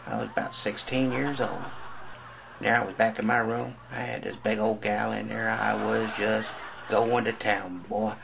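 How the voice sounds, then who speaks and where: Gravelly comic telling raunchy jokes. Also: male voice, on the low side, background noise. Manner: drawling storyteller, voices characters in quotes. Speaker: stand-up comedian. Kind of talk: stand-up joke telling.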